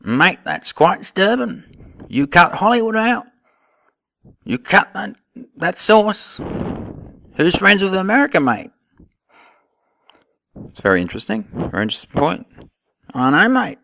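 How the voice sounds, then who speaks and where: A brash Australian bloke, as a man puts him on, rambling through his points and tossing in "mate" at every turn. His voice sits high and pushy, and it sounds dry and close. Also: big pitch swings, unhurried, creaky, pauses often, bright, forceful tone, no echo, heavily acted. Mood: emphatic.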